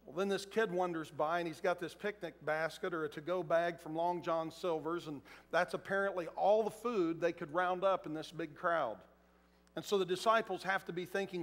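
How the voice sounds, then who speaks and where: A man's voice: high-pitched, steady tone, moderate pace, a bit bright. A man preaching a sermon in a large church auditorium, talking conversationally and acting out quotes. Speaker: pastor. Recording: echoey hall.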